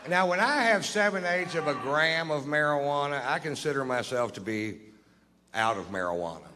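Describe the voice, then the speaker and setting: A stand-up comedian telling stories on stage in a laid-back, deadpan, profane manner. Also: male voice, on the high side, normal speed, noisy background. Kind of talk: live stand-up storytelling. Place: live comedy venue on stage. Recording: live venue with reverb and crowd.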